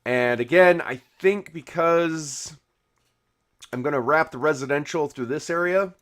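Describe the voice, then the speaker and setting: This YouTube game host builds while chatting and responding to viewer comments, rambling along with many restarts and plenty of "you know." He speaks in an unhurried way, his voice a little high and a bit bright.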